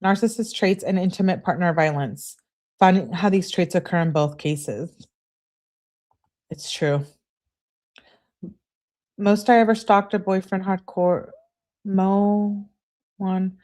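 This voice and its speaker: Lady chatting about a crime case, blunt and sarcastic, lowish voice. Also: a little slow, long pauses, a little mellow. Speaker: true crime commentator. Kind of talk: casual commentary reading texts and chat.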